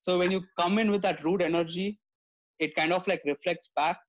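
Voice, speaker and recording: High-voiced man interviewing a guest. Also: fairly even intonation, fairly quick, highs cut off. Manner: reflective, laughs easily, muses aloud. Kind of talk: casual conversational interview.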